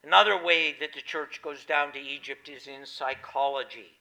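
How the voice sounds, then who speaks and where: Bright-voiced man preaching emphatically. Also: fairly high pitch, fairly even intonation, normal speed, rough recording. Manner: emphatic, rising to loud stresses then dropping quiet. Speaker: pastor. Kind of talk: sermon.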